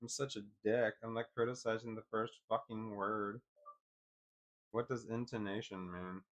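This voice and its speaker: A man casually thinking aloud, reading definitions off a screen in a halting, self-deprecating way. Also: on the low side, level tone. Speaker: vlogger.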